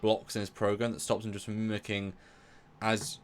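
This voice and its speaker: A man's voice: lowish voice, level tone, moderate pace, noisy background. A man co-hosting a live review stream, talking enthusiastically and rambling with many restarts. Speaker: co-host of a live review show. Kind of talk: casual live-stream discussion.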